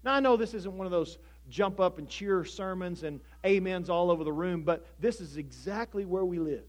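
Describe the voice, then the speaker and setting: A pastor delivers a sermon to his congregation, starting conversationally with jokes before building into emphatic preaching. He has a high male voice and speaks at a moderate pace.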